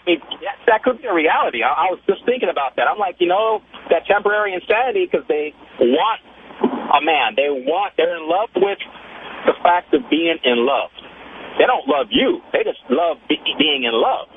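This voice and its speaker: A male caller with a high voice, heard over a tinny phone line with faint hiss. He tells his story casually, with animated, chatty energy. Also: normal speed. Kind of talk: casual storytelling on a call-in show.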